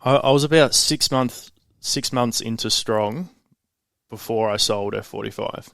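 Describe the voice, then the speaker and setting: A man, a guest on a casual podcast, talking in a calm, laid-back way. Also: mid-range voice, measured pace, vocal fry, no room sound, clean studio sound. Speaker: guest, fitness franchise founder.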